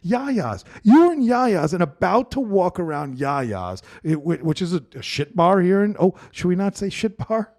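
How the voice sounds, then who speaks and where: A man's voice: high-pitched, a little slow, few pauses. A man from Brooklyn hosting a casual comedy podcast, talking in a loose, swearing, restart-heavy way. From Brooklyn, New York. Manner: animated, swears freely, frequent restarts. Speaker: podcast host.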